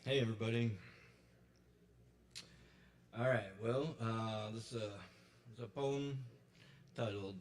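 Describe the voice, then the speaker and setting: A man reading his poem at an open mic, slowly and with deliberate long pauses. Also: mid-range voice, steady tone. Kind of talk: live poetry reading. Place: kava bar venue.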